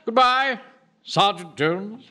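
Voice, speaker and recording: An actor playing a pompous, self-important bank manager who also commands a volunteer platoon, speaking in a commanding manner. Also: male voice, high-pitched, expressive, slow, sharp tone, slight background noise, exaggerated voice. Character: pompous middle-aged male bank manager and platoon officer. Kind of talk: period sitcom acting.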